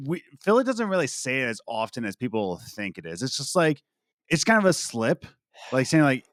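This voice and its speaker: A man's voice: mid-range voice, sing-song, fairly quick, dry recording, studio quality. An American man with a faint Philadelphia accent, co-hosting a podcast in a playful way and laughing often. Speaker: podcast co-host. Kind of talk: casual podcast chat.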